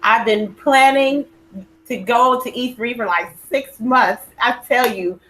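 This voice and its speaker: A woman's voice: a little high, takes it slowly, a bit bright, slight background noise, rough recording. A woman co-hosting a casual gaming podcast, upbeat and chatty. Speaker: podcast co-host.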